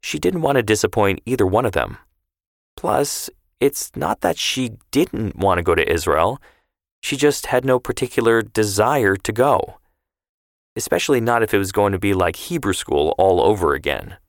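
A man reading a scripted story in a measured, even manner. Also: on the low side, dry recording, clean studio sound. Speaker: narrator.

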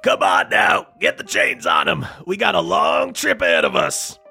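A man voicing a gruff, bossy male guard who barks orders at prisoners in a tabletop game. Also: fairly high pitch, wildly swooping pitch, moderate pace, bright, forceful tone, shouting, soft background music, heavily acted. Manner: barking orders.

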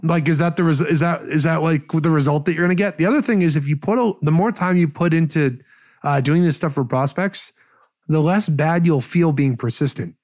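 Guy with a kinda high voice rattling off sales advice, rambly and excited. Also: brisk. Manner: energetic, rambling with restarts. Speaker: podcast guest, sales expert. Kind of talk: casual advice talk.

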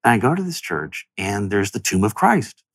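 A man's voice: lowish voice, very animated, normal speed, dry recording. A man in his thirties, an interview guest telling an emotional personal story in an earnest, reflective way, his voice rising as he speaks.

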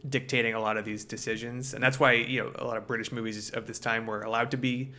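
A man's voice: mid-range voice, level tone, quick pace, sharp tone. A man co-hosting a film podcast, talking in long rambling stretches with many fillers. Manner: rambling, lots of fillers and restarts. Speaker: podcast co-host. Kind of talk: casual film chat.

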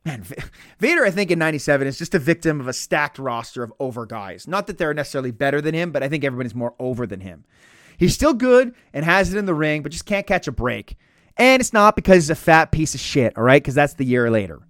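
A man's voice: fairly high pitch, sing-song, fast talker, fairly bright tone, no echo, studio quality. A man hosting a comedic podcast, talking in a sarcastic, profane, ranting way. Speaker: podcast host.

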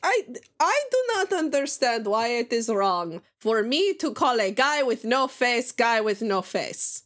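A woman voicing a talking haunted sword with a put-on fantasy accent, speaking in an indignant, fussy, deliberate way. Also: fairly high pitch, sing-song.

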